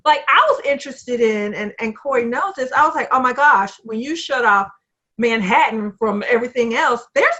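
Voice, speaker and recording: A woman co-hosting a podcast in a casual, animated chat, acting out her own thoughts as she talks. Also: fairly high pitch, moderate pace. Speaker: podcast co-host. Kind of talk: casual movie review chat. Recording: slightly dull, lo-fi mic.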